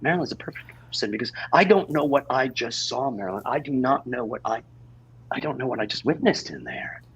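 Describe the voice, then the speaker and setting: Stage improv: a man as a husky, gravelly, flustered family man who stammers, with wildly swinging pitch. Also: very animated, a little fast, fairly bright tone, exaggerated voice, poor audio. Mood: urgent. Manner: stammering, urgent, repeats himself. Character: flustered married man, father of many, pleading. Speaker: improv performer. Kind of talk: improv scene acting. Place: theater stage.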